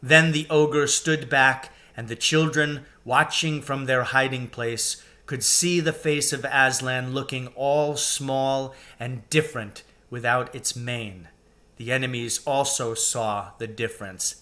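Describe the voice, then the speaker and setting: Man reading a chapter book aloud, unhurried, bright, clear tone. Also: medium pitch, fairly even intonation. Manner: slow, deliberate storytelling. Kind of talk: reading a children's novel aloud.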